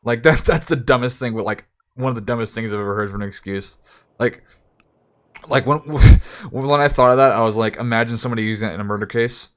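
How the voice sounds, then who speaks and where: A young man at his desk mic, rambling through an anecdote with lots of restarts. He talks at an ordinary middle pitch in a loose, animated way and jumps into raised voices whenever he acts out other people. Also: brisk. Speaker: streamer. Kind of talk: casual storytelling.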